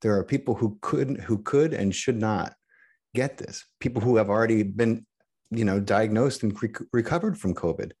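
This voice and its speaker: A middle-aged man talking as a podcast guest in casual chat, halting and restarting often. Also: on the low side, darkish tone, slightly rough. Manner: halting, many restarts and repeated words.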